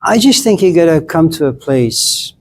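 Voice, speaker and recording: Middle-aged guy teaching a class, casual and blunt, kinda high voice, playing out little scenes with students. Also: animated, moderate pace. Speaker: philosophy lecturer.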